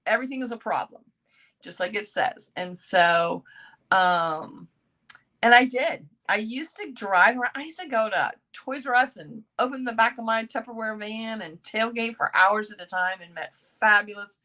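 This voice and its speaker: A middle-aged woman hosts a casual motivational chat. She rambles and pokes fun at herself, and her voice sounds bright and forceful. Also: on the high side, moderate pace. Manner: chatty, rambling, self-mocking. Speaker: host.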